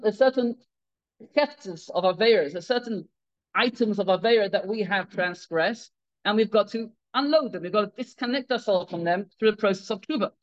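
A rabbi gives a Torah talk, an animated sermon full of stories in which he acts out the people he quotes and restarts often. His voice is high, and the audio is dull.

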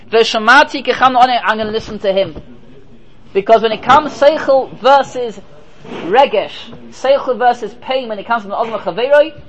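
The recording is rough, and the rabbi's voice is high with a fairly bright tone. Teaching Torah, he speaks emphatically, answers the rhetorical questions he raises, and uses Hebrew and Yiddish terms along the way.

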